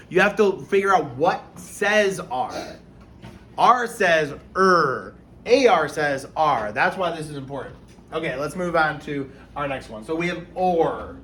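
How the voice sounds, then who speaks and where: A man's voice: on the high side, lively intonation, measured pace, fairly bright tone. Man, teacher, children's phonics lesson, patient, sounds words out, slight hiss. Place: classroom. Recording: echoey room with faint noise.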